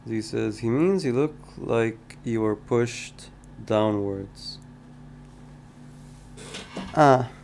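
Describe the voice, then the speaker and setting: A man's voice: mid-range voice, very slow, creaky, pauses often, a little mellow, slight background noise. A man casually chatting on a live stream, reading viewer messages aloud and replying in a hesitant, musing way. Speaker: indie game developer streaming his work.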